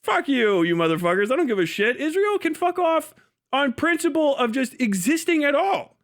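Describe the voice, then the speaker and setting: A high-pitched man holds forth on a livestream in a heated, profane rant. He talks in a mocking, scornful way and keeps laughing at his own lines. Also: very animated, normal speed. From United States. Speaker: livestream host.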